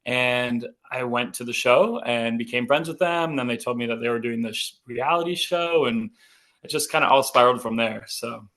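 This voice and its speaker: Chatty male podcast guest in his thirties, light North Dakota vowels, mid-pitched, upbeat storyteller. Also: normal speed, a bit bright. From North Dakota, USA. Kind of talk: casual interview chat.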